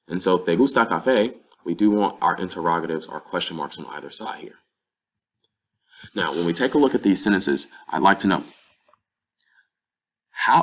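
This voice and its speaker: A man with a very low, deep voice teaches a language lesson. He explains things patiently and step by step, working through example phrases. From North Carolina, USA. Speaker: Spanish teacher.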